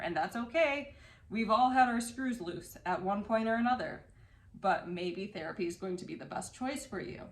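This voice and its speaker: Earnest tarot reader woman, slightly low voice. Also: rough recording. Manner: earnest, emphatic, often adds "okay?". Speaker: tarot reader and channel host. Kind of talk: casual advice talk to camera.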